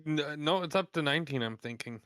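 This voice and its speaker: A man telling profane stories in a casual podcast chat, animated and blunt. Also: fairly high pitch, a little fast, clear, resonant tone, no echo. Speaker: podcast host.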